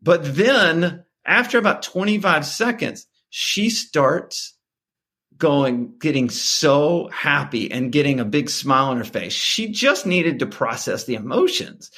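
A middle-aged man, a guest on a podcast, telling a family story in casual talk and acting out the voices in it. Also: unhurried. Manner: animated, acts out dialogue with sharp pitch jumps.

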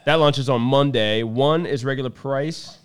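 A man's voice: medium pitch, unhurried, smooth. A man from North Carolina with a North Carolina accent, chatting casually on a live stream in an easygoing way, often repeating himself.

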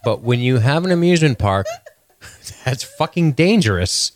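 A man co-hosting a podcast, chatting casually in animated, mock-outraged rants full of swearing and laughter. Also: medium pitch, moderate pace. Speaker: podcast co-host. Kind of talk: casual recap chat.

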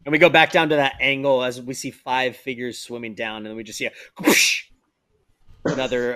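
A man's voice: medium pitch, fairly bright tone, dry recording. Rambling game master man. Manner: rambling, lots of fillers. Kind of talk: narrating a tabletop game.

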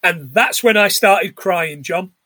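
A man's voice: sits high, slow pace, sharp tone, no room sound. A man co-hosting a podcast, chatting casually and acting out film lines in put-on voices. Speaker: podcast co-host. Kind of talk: casual chat recapping a film.

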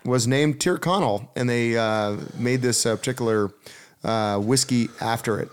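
Guy on a drinks podcast, um-ing and uh-ing through some trivia, average pitch. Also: normal speed, clear, resonant tone. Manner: tells facts with many uh fillers. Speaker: podcast co-host. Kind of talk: casual chat.

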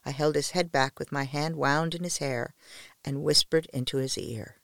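Gravelly-voiced woman narrating softly. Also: deep voice, fairly even intonation, moderate pace, no echo, clean studio sound. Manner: soft, intimate, often near a whisper. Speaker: podcast storyteller. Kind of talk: first-person story narration.

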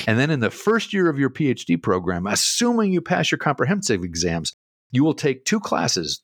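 A middle-aged man on a podcast, co-hosting and telling an animated story with a lot of laughter. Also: medium pitch, dry recording, studio quality. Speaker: co-host. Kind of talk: casual storytelling.

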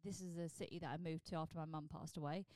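A woman's voice: sits low, fairly even intonation, quick pace, dark tone, no room sound. Blunt, sweary woman comic in her forties. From southern England. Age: 40s. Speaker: stand-up comedian and podcast host. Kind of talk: casual solo podcast monologue.

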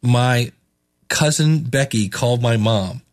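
A man's voice: medium pitch, takes it slowly. A man hosting a podcast in casual chat, rambling with many restarts and chuckles. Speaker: podcast host reviewing podcasts.

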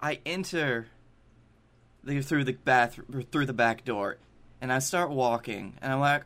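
A young man on a podcast, chatting casually and telling stories with easy swearing. His voice sits at a middle pitch for a man. He talks over a video call. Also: a little slow, fairly bright tone. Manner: storytelling, swearing, laughs often. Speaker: podcast co-host. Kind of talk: casual chat.

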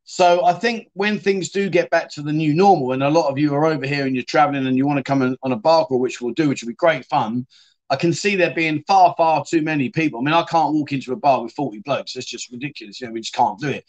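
A chatty man hosting a livestream, with a voice sitting a little high for a man. He rambles casually, drops in "mate" and reads out comments from viewers. The talk is loose and unscripted. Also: quick pace, muffled recording. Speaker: livestream host.

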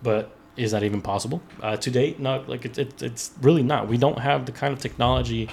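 Podcast host guy reading an article out loud, casual and swearing, keeps restarting words. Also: medium pitch, steady tone, brisk, vocal fry, a little hiss or hum. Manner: loose, laughing, profane, restarts while reading.

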